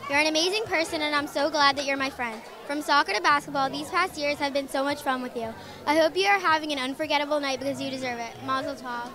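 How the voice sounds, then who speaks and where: Girl with a high voice reading a short toast, people chattering around. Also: fast, a crowd in the background. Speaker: friend giving a toast.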